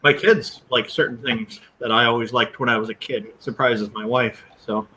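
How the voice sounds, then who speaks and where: A man's voice: medium pitch, steady tone, moderate pace, sharp tone, a little hiss or hum, low-quality recording. A man in casual chat, explaining his views earnestly and at length.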